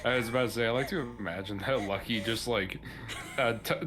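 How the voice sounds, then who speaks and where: A man playing a tabletop game, talking in a laid-back, halting way. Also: mid-range voice, music in the background. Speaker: player. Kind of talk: casual chat at a game table.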